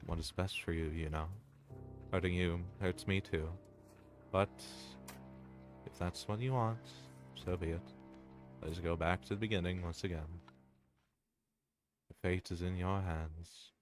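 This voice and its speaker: A man voicing a possessive, menacing female entity that is inhumanly strong as he reads game dialogue aloud, in slow, theatrical, formal speech. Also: low-pitched.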